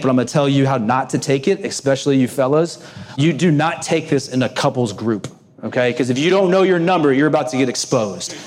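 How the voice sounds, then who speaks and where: A man's voice: mid-range voice, darkish tone. A middle-aged man with a twang speaks to a packed room of business owners. He keeps it loose and self-mocking, teasing the crowd in an easy conversational way. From Texas. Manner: self-deprecating, jokey, conversational. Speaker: graduation speaker. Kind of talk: humorous speech to a live audience. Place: banquet room before an audience.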